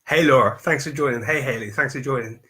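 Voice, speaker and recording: A man's voice: mid-range voice, fast, sharp tone. A man coaching on mindset in a live stream talk, emphatic and repetitive as he preaches self-affirmation.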